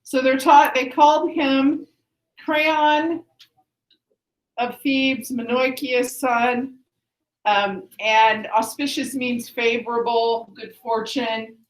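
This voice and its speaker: A woman's voice: a little high, fairly even intonation, slow pace. Woman teacher in an echoey classroom. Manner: explanatory, checks understanding with "okay?". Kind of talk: classroom lesson.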